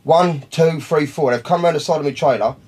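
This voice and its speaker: Fast, husky man telling a story. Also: fairly high pitch, darkish tone. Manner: rambling, profane, keeps calling listeners by name. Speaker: podcast guest. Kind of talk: casual storytelling.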